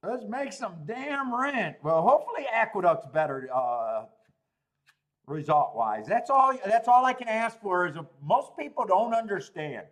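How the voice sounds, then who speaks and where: Excitable, fired-up male stream host. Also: sits high, unhurried. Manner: excitable, swearing, pleading, laughing often. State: worked up. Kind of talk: live-stream chat rant.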